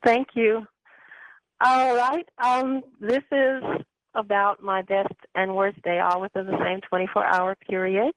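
A woman's voice: mid-range voice, little pitch movement, a little slow, no echo. A woman calling in to a radio show, telling a personal story in a chatty, rambling way. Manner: chatty, rambling with many ums and anyways. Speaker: caller. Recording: dry tinny phone line.

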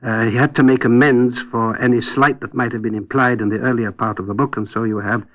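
A man talking as a guest on a radio discussion, hesitant and wry, full of pauses and restarts, on a dull old radio recording. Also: medium pitch, fairly even intonation. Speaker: guest commentator.

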